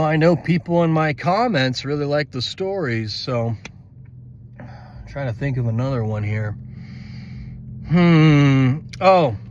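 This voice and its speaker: A male comedian rambling through a casual, self-deprecating podcast monologue from inside a car. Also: a little high. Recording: slightly muffled car recording with road hum.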